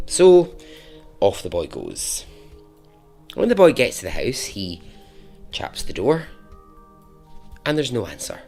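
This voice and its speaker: A man telling a story on his podcast in a casual, chatty way. His voice sits fairly low, and he takes his time, drifting into laughing asides and little tangents before returning to the tale. He is relaxed and conversational throughout. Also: slow pace, vocal fry, pauses often, soft background music.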